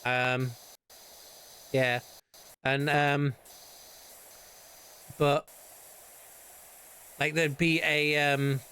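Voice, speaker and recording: A man's voice: a little high, steady tone, drawn-out words, long pauses, sharp tone, smooth. A British man streaming casual chat, rambling and swearing often between laughs.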